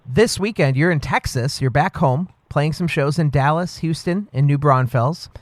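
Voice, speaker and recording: A man's voice: fairly high pitch, normal speed, no echo. A man co-hosting a podcast, asking questions and giving friendly, reassuring replies. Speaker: podcast co-host. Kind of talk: casual interview.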